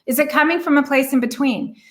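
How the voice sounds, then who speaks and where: A woman giving a relationship coaching talk, earnest and reflective, who asks many rhetorical questions and slows down to stress words. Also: sits high. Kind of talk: coaching monologue.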